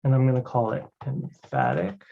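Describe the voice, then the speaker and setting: A guest presenter, a man, walks through a live demo of a cloud product, speaking casually and very animatedly in a mid-range voice. He fills pauses with lots of "you know" and "right," and the stream audio is dull and lo-fi.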